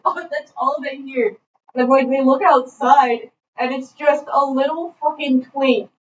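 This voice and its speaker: A young woman co-hosting a podcast, telling a college story in an animated way, laughing as she goes. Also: high voice, unhurried. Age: young adult. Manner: animated, laughing, imitates a thick accent in quotes. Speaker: podcast co-host. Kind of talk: casual storytelling chat. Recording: roomy, distant, dull sound with faint noise.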